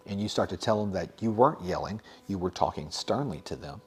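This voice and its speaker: A young man with a slightly low voice talks casually, as a teacher sharing advice with other educators. He keeps it conversational, with plenty of fillers and quick asides. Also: darkish tone, slightly rough. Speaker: teacher and podcast host.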